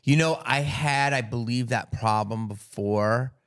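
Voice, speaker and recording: Profane, animated man telling stories. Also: mid-range voice, a little slow, clean tone, no echo, clean studio sound. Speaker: guest. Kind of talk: casual storytelling interview.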